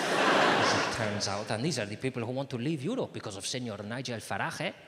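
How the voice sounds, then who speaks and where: Sarcastic stand-up comedian. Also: male voice, mid-range voice, lively intonation, brisk, very noisy. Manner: sarcastic, chatty, self-mocking asides. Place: large theatre stage. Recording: long hall reverb, loud audience laughter.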